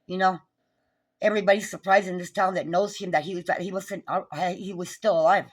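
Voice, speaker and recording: A woman's voice: on the low side, steady tone, brisk. A woman, recounting a neighbor dispute in an agitated, profane, repetitive rant. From New Mexico. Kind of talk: angry recounting vlog.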